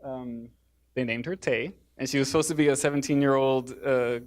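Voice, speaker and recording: A man's voice: mid-range voice, fairly even intonation, moderate pace. A man giving a public talk in a theater, hesitant, with many fillers and restarts. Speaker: speaker.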